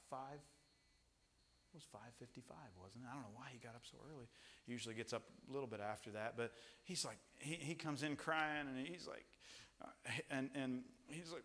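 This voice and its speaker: Animated preacher man with a bright, forceful voice. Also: medium pitch. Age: young children at home, father. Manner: animated, swings between loud emphasis and hushed tones. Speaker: pastor. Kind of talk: sermon with personal stories.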